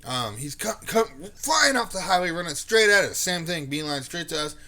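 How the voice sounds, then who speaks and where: A young man co-hosting a podcast, telling a profane story in casual chat and bursting into shouted impressions. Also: on the high side, very animated, normal speed. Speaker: podcast co-host.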